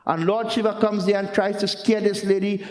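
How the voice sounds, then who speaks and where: A man's voice: sits high, level tone, moderate pace, a little mellow. A man telling a religious legend in an earnest, repetitive sermon style. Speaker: religious storyteller. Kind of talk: storytelling sermon. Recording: roomy hall with long echo.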